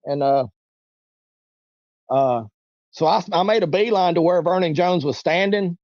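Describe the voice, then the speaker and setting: A man in his forties tells a long story in a loose, rambling way, with a voice a little higher than most men's. The sound is muffled and a bit lo-fi, and it is very dry with no room around it. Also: a little slow, a little mellow, no echo. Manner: rambling, acts out quoted voices. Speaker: interview guest. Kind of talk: casual storytelling.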